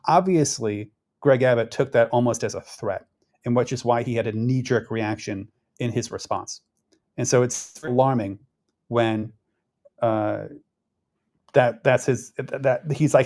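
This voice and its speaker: A man's voice: medium pitch, a little slow, darkish tone. A man giving casual, rambling political commentary, restarting his sentences often. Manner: rambling, conversational, frequent restarts and fillers.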